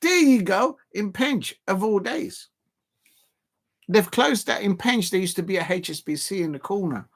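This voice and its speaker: Rambling streamer with a gravelly, slightly high voice, chatting through a football watch-along. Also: male voice, lively intonation, normal speed. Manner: rambling, chatty, many fillers and restarts. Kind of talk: casual live-stream chat, reading viewer comments.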